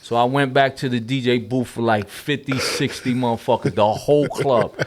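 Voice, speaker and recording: A man's voice: medium pitch, fairly even intonation, normal speed, background noise. A middle-aged man, telling a story as a podcast guest in streetwise slang. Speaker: guest rapper. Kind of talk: casual storytelling.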